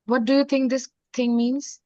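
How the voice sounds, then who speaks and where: A woman with an Indian accent teaching a French class, mixing in Hindi and repeating phrases slowly. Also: sits high, level tone, warm tone, no room sound. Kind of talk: online classroom lesson. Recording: dull, dry lo-fi sound.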